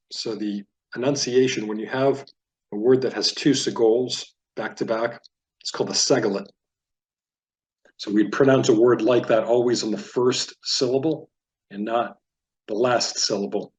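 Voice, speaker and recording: A man teaching a Biblical Hebrew reading lesson, patiently sounding out each word and then explaining it at a relaxed teaching pace. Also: mid-range voice. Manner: patient, explanatory, repeats words slowly for learners.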